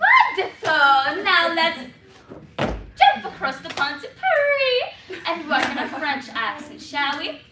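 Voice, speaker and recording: A woman's voice: very high voice, wildly swooping pitch, slow, heavily acted. A young woman performing a pompous, bossy female accent teacher on stage with a put-on British accent, theatrical and exaggerated. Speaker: student competitor performing a comic piece. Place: school auditorium stage. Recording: echoey hall from far off, noisy.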